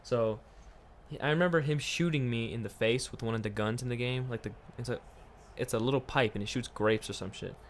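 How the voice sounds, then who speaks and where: A man's voice: mid-range voice, fairly quick, a little hiss or hum. Man rambling through a profane story. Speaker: vlogger. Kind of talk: storytime vlog.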